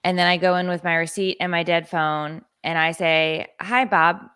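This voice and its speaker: A woman in her thirties tells a story on a podcast with biting sarcasm and plenty of swearing, slipping into other people's voices as she goes. Her voice sits a little low, and the close, dry studio sound has no room echo. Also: flat delivery, normal speed, fairly bright tone, smooth. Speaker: podcast co-host. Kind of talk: casual storytelling chat.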